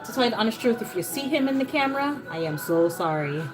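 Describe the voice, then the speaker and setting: A woman's voice: fairly high pitch, expressive, brisk, over music, poor audio. A woman from Jamaica speaking with an American accent, chatting casually on a live stream as she cooks in her home kitchen, encouraging viewers and greeting them by name. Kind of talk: casual live-stream chat while cooking.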